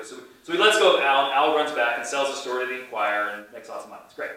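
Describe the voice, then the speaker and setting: Casual sermon guy, playful and rambly, bright voice bouncing around a big church. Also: mid-range voice, expressive, racing, hardly any pauses. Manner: chatty, playful, with many restarts. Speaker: pastor. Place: church sanctuary. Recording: echoey church from a distance.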